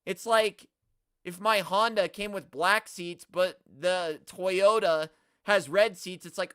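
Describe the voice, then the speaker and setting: A man hosting a live stream, ranting at the chat in an animated, exaggerated way and swearing often. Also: high voice, takes it slowly, clear, resonant tone, no echo, clean studio sound. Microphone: studio mic, no camera.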